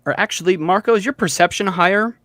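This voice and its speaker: A man's voice: high voice, fast, bright, forceful tone, no room sound. A man narrating as game master in a tabletop game, loose and full of fillers.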